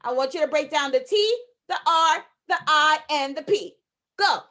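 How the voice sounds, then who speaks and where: A woman teaching a phonics lesson to young children, sounding out letters slowly and emphatically, with repeated encouragement. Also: sits high, expressive, bright, forceful tone. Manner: encouraging, repeats phrases to the class. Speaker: kindergarten teacher.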